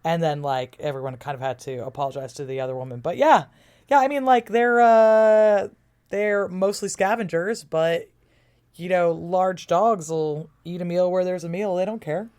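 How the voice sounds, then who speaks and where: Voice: medium pitch, expressive, normal speed, a little mellow, clean tone. A podcast co-host telling a story in casual chat, chatty and laughing along the way.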